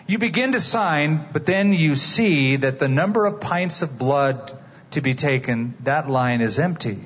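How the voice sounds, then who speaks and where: A man's voice: fairly high pitch, expressive, unhurried, husky. A man preaching a sermon as a dramatic story, asking his listeners direct questions. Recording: dull, reverberant hall.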